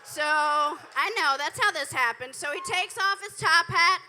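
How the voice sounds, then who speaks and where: Very high, bright-voiced woman comic. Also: a little slow, slight background noise. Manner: dry, profane storytelling with audience asides. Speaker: stand-up comedian. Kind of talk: live stand-up set. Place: comedy club stage, indoors.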